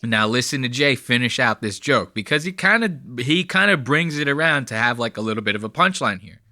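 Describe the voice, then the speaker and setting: A man's voice: medium pitch, expressive, fairly quick, pushed and bright, a little hiss or hum. A man hosting a podcast, chatting casually and profanely about clips he plays, with lots of fillers. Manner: profane, rambling, filler-heavy. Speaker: podcast host.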